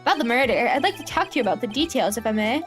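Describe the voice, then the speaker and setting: A woman's voice: a little high, lively intonation, very fast, a bit bright, soft background music. A woman voicing an earnest young male defense attorney questioning a witness, in a visual novel read-through.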